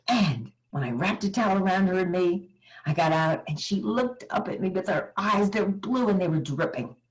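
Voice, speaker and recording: An older woman giving a motivational keynote, telling personal stories with dramatic pauses. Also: lowish voice, low-quality recording. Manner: animated, dramatic storytelling with pauses.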